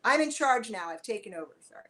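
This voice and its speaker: A woman's voice: on the high side, quick pace, low-quality recording. Chatty woman on a video call. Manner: chatty, animated, tangents. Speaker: guest.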